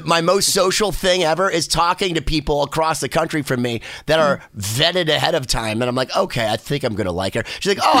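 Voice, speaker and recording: A man co-hosting a podcast, joking in casual chat and acting out quick voices. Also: a little high, sharp tone, dry recording. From United States. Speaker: podcast co-host.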